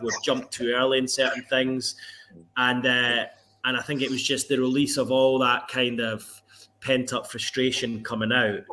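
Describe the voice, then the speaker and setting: A man with a voice of ordinary middle pitch talks through a long story in a relaxed conversation. He is a sports reporter, and he acts out his own past words as quotes while he tells it. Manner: animated storytelling, quoting himself. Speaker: football reporter. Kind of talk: casual interview chat.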